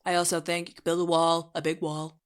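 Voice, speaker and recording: A boastful, blustering politician, as a woman puts him on for laughs, speaking in short blunt sentences that sit fairly low. The talk is comedic podcast banter and stays brash throughout. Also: flat delivery, a little fast, lightly acted.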